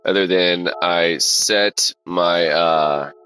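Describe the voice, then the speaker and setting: A man chatting casually to viewers of his live stream while sim racing, laid-back and rambling, swearing and filling pauses with ums and uhs. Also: sits low, fairly even intonation. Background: loud music.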